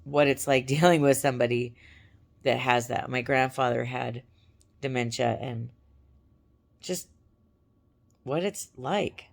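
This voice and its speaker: A woman's voice: extremely low pitch, unhurried, pauses often. Crackly-voiced woman chatting to camera. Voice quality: gravelly. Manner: chatty and rambling, with fillers. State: crackly, hoarse voice. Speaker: vlogger. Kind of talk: casual chat to camera. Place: at home on a couch.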